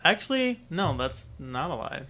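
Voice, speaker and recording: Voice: mid-range voice, sing-song, normal speed, very noisy. A young adult podcast co-host chatting casually and playfully, laughing often. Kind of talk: casual chat.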